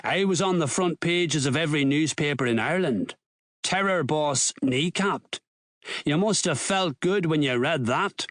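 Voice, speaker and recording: A man voicing a gruff Belfast crime boss. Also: a little high, a little slow, a bit bright, no room sound, clean studio sound. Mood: angry. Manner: gruff, threatening, swears. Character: menacing middle-aged male Belfast crime boss.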